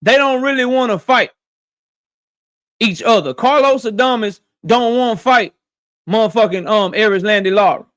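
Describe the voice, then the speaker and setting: A young man with a strikingly high voice hosts a boxing talk show, offering blunt, profane, opinionated commentary in a casual style and saying his points twice for emphasis. He speaks at normal speed, his tone a bit bright.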